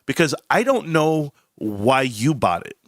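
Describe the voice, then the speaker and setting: A man's voice: mid-range voice, big pitch swings, a little slow, no room sound, studio quality. Blunt rambling man livestreaming. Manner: blunt, rambling, self-interrupting. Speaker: stock livestream host. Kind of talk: casual livestream commentary.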